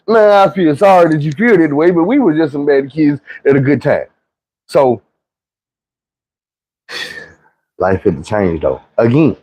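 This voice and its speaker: A man's voice: fairly high pitch, creaky, darkish tone, no echo, poor audio. A young man with a Southern US accent telling a casual, slangy, profane storytime. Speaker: storyteller vlogger.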